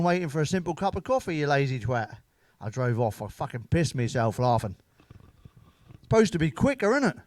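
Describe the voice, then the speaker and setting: A man's voice: fairly high pitch, very animated, a little fast, a little mellow, no room sound. Sweary man telling jokes. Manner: sweary, blunt, laughing at his own jokes. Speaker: stand-up comedian. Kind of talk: casual stand-up storytelling.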